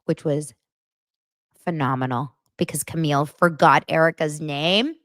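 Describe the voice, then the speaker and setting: A woman whose voice sits low hosts a gossip podcast recapping reality TV, speaking at a measured pace. She's animated and blunt, swears freely, and acts out quotes in different voices. Her clean studio sound has no room sound.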